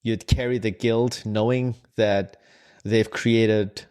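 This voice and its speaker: A man's voice: on the low side, fairly even intonation, slow pace, darkish tone, smooth. A man hosting an interview, asking long, winding questions full of restarts. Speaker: podcast host. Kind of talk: interview conversation.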